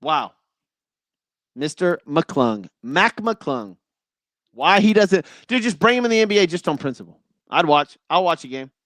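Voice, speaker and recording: Man, sports talk host, casual opinionated monologue, fairly high voice, exasperated, dry recording. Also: sing-song, moderate pace, a bit bright, no echo.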